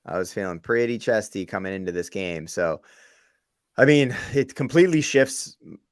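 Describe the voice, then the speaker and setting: A man's voice: fairly low pitch, expressive, moderate pace, no echo, studio quality. A young man co-hosting a sports podcast, casual and slangy, exasperated about the team. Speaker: podcast co-host.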